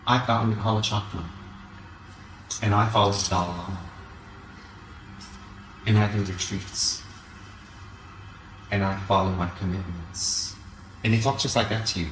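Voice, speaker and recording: A man giving an animated Dharma talk as a Buddhist teacher, often mocking the voices of his critics. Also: lowish voice, a little slow, pauses often, roomy sound, a little hiss or hum, poor audio.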